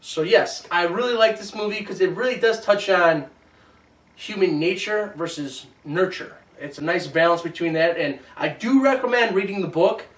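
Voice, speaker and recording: A man hosting a casual movie review chat, animated and teasing. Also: sits high, normal speed. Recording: roomy echo, mic at a distance.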